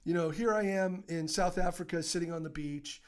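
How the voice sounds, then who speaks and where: A middle-aged man telling stories as an interview guest, animated and laughing often, full of fillers and restarts. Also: fairly high pitch, fairly quick. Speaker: podcast guest, author. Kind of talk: casual interview storytelling.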